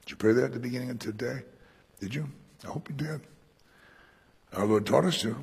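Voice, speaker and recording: A man preaching a sermon to a congregation in a room, animated, acting out quoted speech with sudden loud bursts. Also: mid-range voice, fairly quick, vocal fry, long pauses, breathy edge, in a large hall. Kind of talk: expository sermon on Acts.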